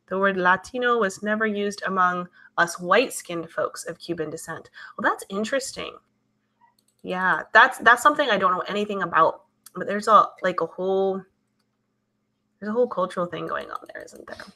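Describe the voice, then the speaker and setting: A woman with a mid-range, bright, pushed voice hosts a live stream. She reads her viewers' chat comments out loud and responds in a chatty, conversational style, keeping it casual throughout.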